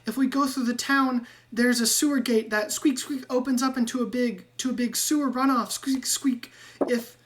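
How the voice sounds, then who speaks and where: A woman voicing a timid rat-person guide who keeps squeaking between words in a tabletop game. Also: fairly even intonation, moderate pace, a little hiss or hum, natural voice, rough recording. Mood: eager. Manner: peppers speech with squeaks.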